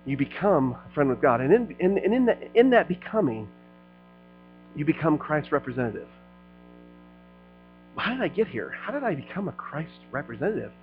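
A middle-aged man preaching a sermon as a pastor, talking to the crowd like friends and swelling into loud passionate stretches. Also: fairly high pitch, very animated, normal speed, pauses often, phone-quality sound, soft background music. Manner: conversational preaching, rising to loud passionate peaks.

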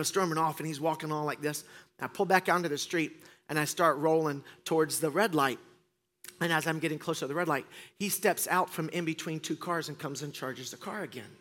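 A middle-aged man preaching to a church congregation. He tells a story in an animated, self-mocking way, acts out what others said, and slips in deadpan jokes. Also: high voice. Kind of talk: storytelling sermon. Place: church stage before a congregation.

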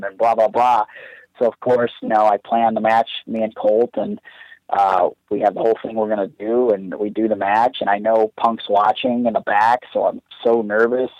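A man's voice: lowish voice, steady tone, normal speed, a little mellow, no echo. Earnest man rambling through a story. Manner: earnest, rambling, heavy use of "like". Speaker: guest wrestler. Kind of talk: casual storytelling. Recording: dull, dry lo-fi sound.

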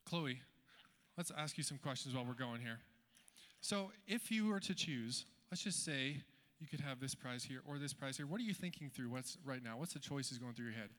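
A man's voice: mid-range voice, expressive, moderate pace, fairly bright tone. A man hosting a playful mock game show at a live event, upbeat and exclamatory, with music playing behind him. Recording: music playing in a reverberant hall.

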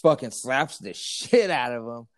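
A man chatting casually with a friend, his speech crowded with fillers and curse words as he tells a story. His voice sits at a middle pitch. The recording is dry and close, with no room sound. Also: unhurried, no echo. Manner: profane, animated storytelling with lots of fillers. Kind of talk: casual chat.

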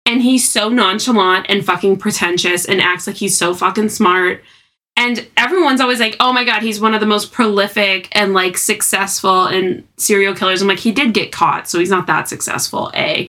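A woman co-hosting a podcast in casual chat, animated and swearing freely. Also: medium pitch, moderate pace. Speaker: podcast co-host.

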